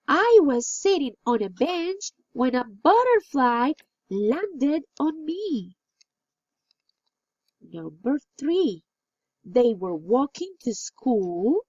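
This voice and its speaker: A woman teaching an English lesson, reading exercises slowly and clearly and praising answers. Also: on the high side, a little mellow, dry recording. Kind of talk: recorded classroom lesson. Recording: dull, lo-fi dry recording.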